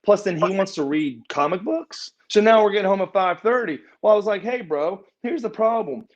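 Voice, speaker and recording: This is a former pro wrestler, middle-aged, guesting on a shoot interview and telling a loose, rambling story. He speaks briskly in a high, animated voice, repeating and restarting words and performing the quoted dialogue, all captured in muffled lo-fi audio.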